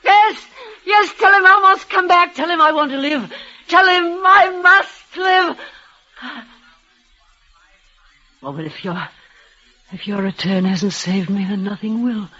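An actress playing a dying young woman in a vintage radio drama, speaking in a breathless, halting, tremulous way. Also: high-pitched, animated, pushed and bright, full character voice. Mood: desperate. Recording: dull old radio recording.

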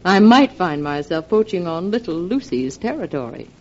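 A sly flirtatious sister-in-law. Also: female voice, lowish voice, big pitch swings, moderate pace, a little mellow. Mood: cool, teasing. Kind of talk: 1940s radio acting. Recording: dull lo-fi old radio recording.

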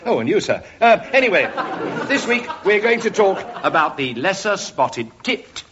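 A man's voice: sits high, very animated, normal speed, lo-fi sound, crowd noise, noisy background. Comic radio announcer man. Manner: announcer-style links. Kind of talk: radio sketch comedy.

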